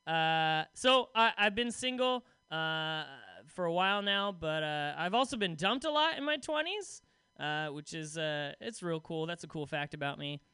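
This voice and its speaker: Lively high-voiced young man doing stand-up. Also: normal speed, smooth, no room sound. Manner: rambling, self-deprecating, many "like" fillers. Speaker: stand-up comedian. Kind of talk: stand-up comedy set.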